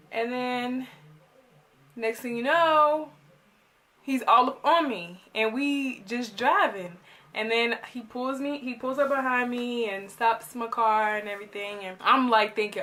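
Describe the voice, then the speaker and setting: A woman's voice: fairly high pitch, unhurried, pushed and bright. A young woman, animatedly retelling a personal story in a vlog. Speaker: vlogger.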